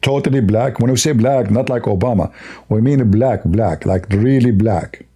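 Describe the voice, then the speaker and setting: A man's voice: medium pitch, moderate pace, warm tone, slightly rough. A man hosting a livestream, talking in broken, non-native English, rambling and sarcastic. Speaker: livestream host. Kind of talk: casual livestream talk.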